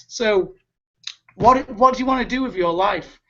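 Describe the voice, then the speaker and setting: A man's voice: very high voice, a little slow, sharp tone. Urgent, pleading man on a lo-fi call. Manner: urgent, pleading, repeats words. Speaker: webinar host. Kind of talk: motivational pep talk. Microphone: video call.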